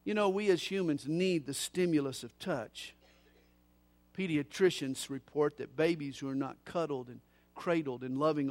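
A middle-aged man preaching a sermon, moving from soft, low passages to loud, slowed emphatic lines. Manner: builds from soft to loud, slowing on key phrases.

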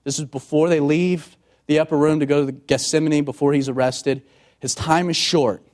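A man preaching a sermon as a pastor, moving from loud emphatic passages to quiet, hushed ones and acting out voices in quoted dialogue. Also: steady tone, normal speed. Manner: dramatic, sweeping from loud emphatic highs to hushed tones.

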